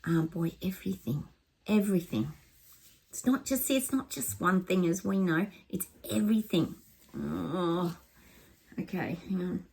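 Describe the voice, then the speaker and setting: A woman's voice: lowish voice, expressive, measured pace, gravelly, darkish tone, husky. A woman giving a rambling psychic reading to camera, with lots of ums and restarts.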